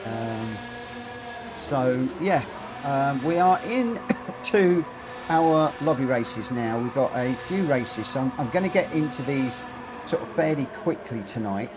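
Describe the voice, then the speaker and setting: A man's voice: mid-range voice, lively intonation, slow pace, music in the background. A man streaming a racing game, reading chat aloud and chatting with lots of fillers, a little short of breath. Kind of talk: live stream commentary.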